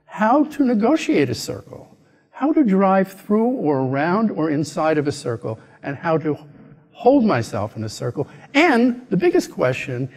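An American man giving a conference keynote, telling a story in an animated way and acting out the voices of the people in it. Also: sits high. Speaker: keynote speaker. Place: conference hall. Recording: echoey hall.

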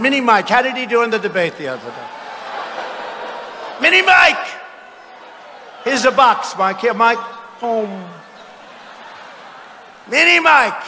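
A man in his seventies giving a political rally speech in an arena, boastful and mocking, often breaking into shouts. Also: sits high, slight background noise. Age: 70s. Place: large arena with crowd. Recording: arena with long reverb.

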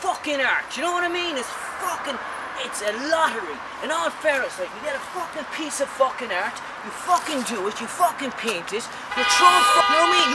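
A man's voice: very high-pitched, big pitch swings, fairly quick. A man, an artist, delivering an angry, rambling, profanity-filled rant. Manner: angry, swears constantly, rambling. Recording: distant voice, loud outdoor street traffic.

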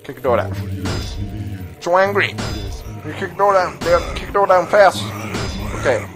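A man playing through a video game and commenting casually, excitable, yelling at enemies and laughing. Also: high-pitched, moderate pace, over music. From United Kingdom. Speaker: let's play gamer.

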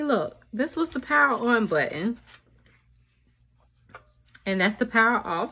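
A woman, chatting excitedly to viewers in a casual unboxing vlog, calling them y'all. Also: normal speed, husky. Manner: squeals up high when thrilled. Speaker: vlogger.

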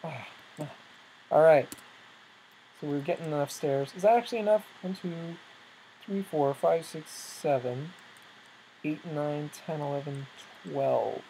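Jumpy let's-play host rambling through gameplay, thinking out loud the whole time. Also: medium pitch, a little slow, gravelly, long pauses, a little hiss or hum, low-quality recording. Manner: excitable, thinks aloud, startles easily. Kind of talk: casual gameplay commentary.

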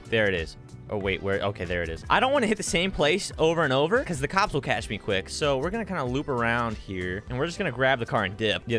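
A man streaming a game, joking and talking to viewers between role-play scenes. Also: medium pitch. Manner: joking, excitable, quick asides to viewers. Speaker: gaming streamer. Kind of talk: gameplay commentary with role-play.

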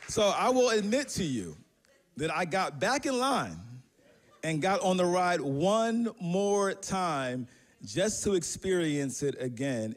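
In a slightly high voice, a man preaching as pastor recounts a personal story, keeping it conversational and self-deprecating with lots of fillers and restarts.

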